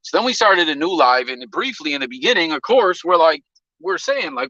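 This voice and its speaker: A man's voice: on the high side, very animated, brisk, bright, forceful tone, dry recording, dull audio. A man hosting a casual live stream, telling stories loosely with slang and profanity.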